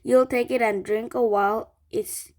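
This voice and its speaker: A woman's voice: a little high, fairly even intonation, a little slow, darkish tone, lightly acted. A woman voicing an eager, impatient father who barks orders, close to her own reading voice. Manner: bossy, impatient.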